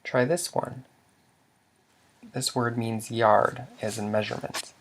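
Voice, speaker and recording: Gravelly-voiced man teaching a slide lesson. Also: mid-range voice, little pitch movement, slight background noise. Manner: measured, stops to restart words, asks then answers questions. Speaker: language teacher.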